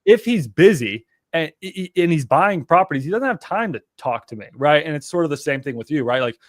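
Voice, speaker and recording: A man's voice: a little high, sing-song, a little fast, no echo, studio quality. A man hosting a casual chat, talking loosely to his listeners and swearing now and then. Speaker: podcast host.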